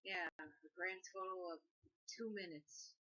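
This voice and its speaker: A woman's voice: lowish voice, fairly even intonation, a little slow, pushed and bright. A young woman co-reviewing a movie in casual chat, adding dry, brief remarks. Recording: dull lo-fi sound.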